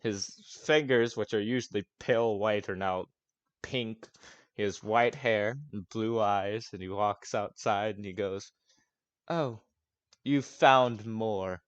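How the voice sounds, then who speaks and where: Slow, low-voiced man running a game. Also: fairly even intonation, no echo, dull audio. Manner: casual, laughs often, swears. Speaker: game master. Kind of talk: narrating a tabletop game.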